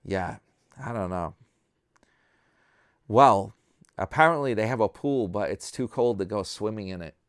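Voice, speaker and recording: A man from New York chats to his subscribers in a slow, unhurried way, drifting from story to story and poking fun at himself. His voice is smooth and a little low, recorded dry and close. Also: animated, dry recording. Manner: rambling, self-mocking, talking to subscribers. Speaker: vlogger host. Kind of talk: casual chat.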